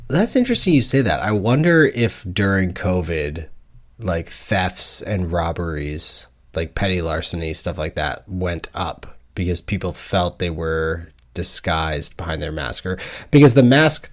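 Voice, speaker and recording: A man co-hosting a casual book club podcast, joking and animated, with mock-indignant asides. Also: low-pitched. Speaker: podcast co-host.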